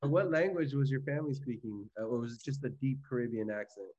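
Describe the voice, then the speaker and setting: A man hosts a podcast interview, feeling his way through questions with "uh" and "like." His pitch is middle for a man, and his sound comes across a little dull and muffled. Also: a little mellow. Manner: curious, halting questions. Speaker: podcast host. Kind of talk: casual interview.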